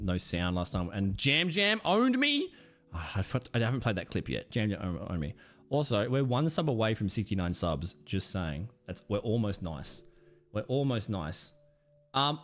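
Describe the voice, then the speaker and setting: A man chatting casually on a live stream, rambling with lots of ums and swearing. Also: on the low side. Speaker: Twitch streamer.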